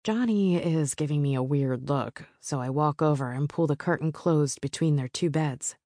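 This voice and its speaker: Woman reading a romance audiobook, low and slow, soft and close, dry studio sound. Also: dry recording. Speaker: audiobook narrator. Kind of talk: first-person audiobook narration.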